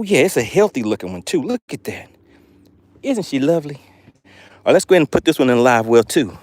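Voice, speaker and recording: A man hosting a live fishing stream from a boat, joking with chat and hyping his catches with made-up words. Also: a little high. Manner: playful, hypes catches with made-up words, reads viewer comments aloud. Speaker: fishing livestream host. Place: outdoors on a boat on a lake.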